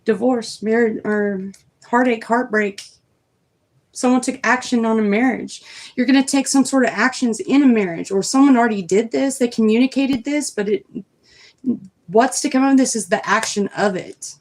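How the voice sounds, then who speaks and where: A woman's voice: fairly high pitch, normal speed. A young woman doing a casual, rambling tarot reading on a live stream, talking straight to her viewers. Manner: chatty, rambling, reads the cards out loud to viewers.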